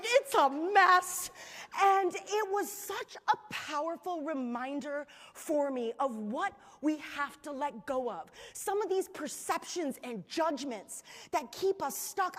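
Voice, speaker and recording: A woman giving a motivational stage talk, telling stories in an animated, chatty way to a live audience. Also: sits high. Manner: animated storytelling, chatty fillers. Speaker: keynote speaker. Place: large hall with live audience. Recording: reverberant hall.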